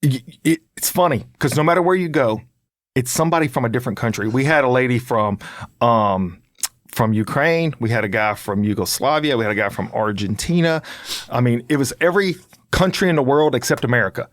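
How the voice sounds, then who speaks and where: Brief: enthusiastic male host telling a story, mid-pitched, dry close sound. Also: expressive, a little fast, no echo. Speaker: podcast host. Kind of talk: casual chat, storytelling.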